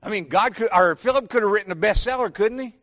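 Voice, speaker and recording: A man's voice: sits high, fast talker, fairly bright tone. A middle-aged pastor with a Southern accent, preaching a folksy sermon and quizzing his congregation directly. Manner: folksy, addresses congregation with questions and "y'all".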